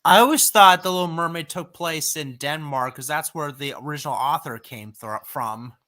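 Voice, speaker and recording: A man's voice: a little high, normal speed, pushed and bright. A man in casual chat, answering in short replies and asking questions now and then.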